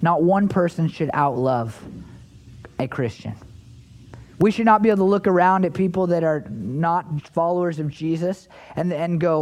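A man preaching a sermon in an earnest, repetitive way, often restarting phrases and swinging his pitch up and down for emphasis. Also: normal speed, a little mellow. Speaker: pastor.

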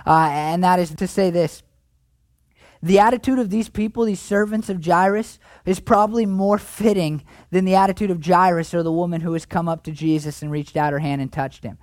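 A man preaching a sermon as pastor, in a conversational way that swings between animated emphasis and hushed, tender passages. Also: sits high, moderate pace, dry recording.

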